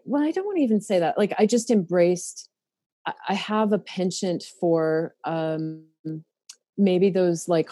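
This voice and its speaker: A middle-aged woman talking casually on a podcast. Her voice is mellow and lowish, close and dry on the mic. She speaks openly and emotionally, full of fillers and restarts. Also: no echo. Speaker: therapist.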